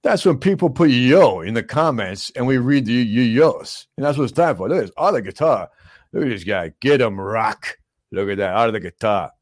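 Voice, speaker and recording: A man's voice: medium pitch, expressive, a little fast, dry recording, natural voice. A man playing a mumbling, boastful middle-aged male action-movie star as a comic talk show host. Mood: hyped, boastful. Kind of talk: comedic celebrity impression.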